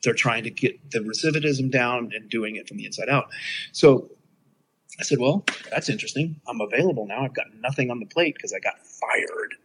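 A man's voice: medium pitch, a little fast, a bit bright, a little hiss or hum, rough recording. A middle-aged man telling a personal story in casual conversation, acting out quoted dialogue with big jumps in his voice.

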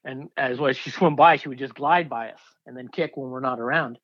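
A diver in his fifties tells a story in an interview, excitable and rambling, with many fillers and restarts. His voice is medium-pitched and brisk, and the recording has its highs cut off.

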